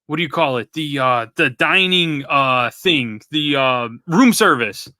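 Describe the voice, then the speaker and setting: Rambling man with a very bright voice. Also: a little high, animated, unhurried, dry recording. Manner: rambling, searches for words. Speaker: podcast co-host. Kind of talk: casual chat.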